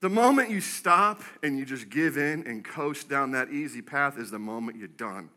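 A man preaching a sermon as pastor, telling stories with animated acted-out voices. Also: medium pitch, moderate pace. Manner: animated storytelling, acts out quoted voices. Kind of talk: energetic sermon.

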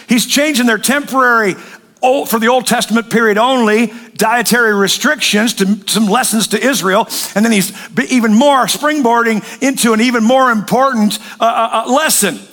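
High, bright-voiced joking man preaching. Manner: joking, animated storytelling with acted voices. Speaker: pastor. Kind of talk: sermon.

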